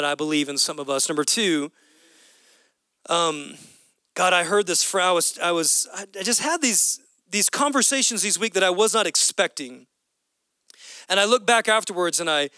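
High, bright-voiced animated male pastor. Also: normal speed, no echo. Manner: animated and conversational, acting out dialogue. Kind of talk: sermon.

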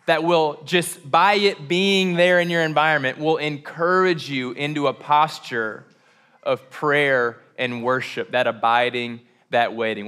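Man, higher pitch, pastor, relaxed direct instructions, um fillers. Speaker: pastor leading the gathering. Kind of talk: giving instructions at a church service.

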